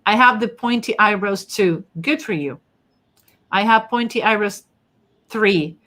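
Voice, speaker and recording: A woman's voice: medium pitch, measured pace, a bit bright. A woman with a strong non-native accent, hosting a casual live stream and chatting through viewer comments. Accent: non-native English. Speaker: host and face-reading teacher.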